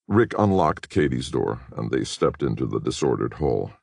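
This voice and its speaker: Deep gravelly guy narrating an audiobook, lively delivery, husky, dry close sound. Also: moderate pace, no room sound. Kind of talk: scripted narration.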